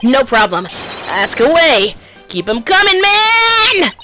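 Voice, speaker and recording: A woman voicing a loud, earnest young male student who shouts and boasts while reading a game aloud. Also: high-pitched, big pitch swings, very fast, soft background music, pitched above the performer's own voice. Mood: eager.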